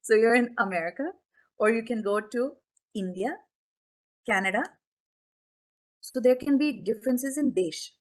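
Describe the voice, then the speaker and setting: A woman's voice: a little high, measured pace, long pauses. A woman spiritual teacher giving a conversational discourse, full of questions and asides to her listeners. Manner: chatty, questioning, many asides to the audience. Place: temple hall.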